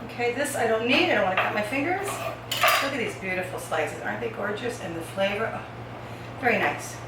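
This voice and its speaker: This woman talks a little fast, with a mid-range voice and lively intonation, as she chats to viewers and chops vegetables during an informal cooking demo at home. It's very noisy, with a strongly echoing kitchen, a distant mic, and the clatter of dishes.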